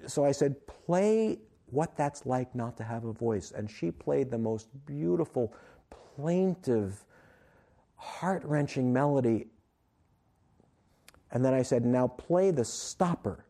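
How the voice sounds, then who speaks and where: A man's voice: medium pitch, unhurried. A man, an author and guest on an interview show, telling a story at length and acting out the quoted lines. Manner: animated storyteller, acts out quotes.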